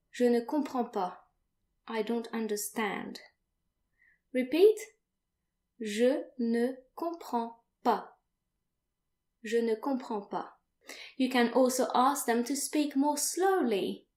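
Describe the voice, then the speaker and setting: A woman's voice: a little high, a little mellow, echoey room. A young woman teaching beginner French phrases in an online lesson, speaking carefully and repeating each phrase for learners.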